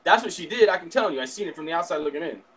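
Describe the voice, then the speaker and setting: A man with a slightly high voice talks casually with a friend. He gives advice bluntly and swears often. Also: expressive, racing, crowd noise, rough recording. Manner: blunt, profane, advising bluntly. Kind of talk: casual chat.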